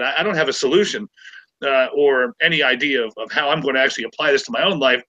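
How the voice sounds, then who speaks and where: A man's voice: fairly high pitch, quick pace, sharp tone, poor audio. A man in his forties, hosting a podcast, telling stories with sarcasm and plenty of stammered restarts. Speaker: podcast host. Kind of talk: casual chat.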